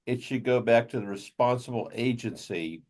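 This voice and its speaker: A man's voice: medium pitch, normal speed, a little mellow. A man legislator speaking bluntly and a bit sarcastically in a committee discussion.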